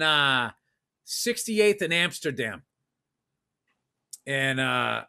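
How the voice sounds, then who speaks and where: A middle-aged podcast host from Massachusetts rambles through a profane, self-mocking story in a storytelling chat. His voice is a little high, bright, and forceful.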